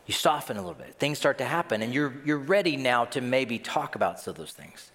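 Animated male pastor in a reverberant church. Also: medium pitch, a little fast. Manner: animated, acts out voices and reactions. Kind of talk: sermon.

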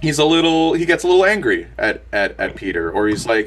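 Very animated and fairly quick, a young podcast co-host with a medium-pitched, fairly bright voice rambles through a casual movie review chat full of fillers, restarts and frequent laughter. A faint hiss or hum sits under the recording.

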